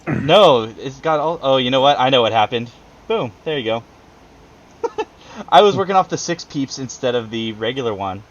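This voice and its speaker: Over a video call, a man acting as game master narrates a casual tabletop session, speaking loosely, filling gaps with fillers, and chuckling at himself. He talks at a normal speed in an animated, medium-pitched voice, and the recording's highs are cut off.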